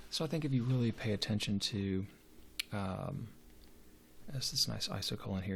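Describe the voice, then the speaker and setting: A man's voice: fairly low pitch, moderate pace, creaky, a bit bright, slight background noise. A man giving a literature lecture, hesitant and full of fillers and restarts. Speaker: literature teacher.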